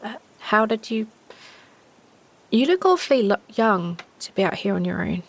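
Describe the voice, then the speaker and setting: Woman playing a halting young survivor girl. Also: medium pitch, very animated, vocal fry, pitched above the performer's own voice. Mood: wary. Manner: halting, stammering speech. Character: wary young woman survivor scavenging alone.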